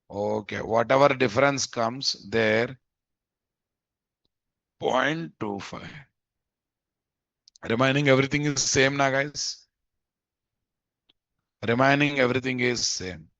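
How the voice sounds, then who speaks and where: A programming instructor with a medium-pitched, fairly bright voice teaches a live coding lesson over a dull, dry lo-fi mic. He thinks out loud, repeats phrases, and keeps checking in with "guys?".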